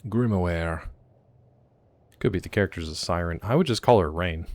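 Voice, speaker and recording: Deep-voiced man streaming a game. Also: moderate pace, a little mellow, dry recording. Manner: chatty and joking, reacting aloud and talking to chat. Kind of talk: casual live gameplay commentary.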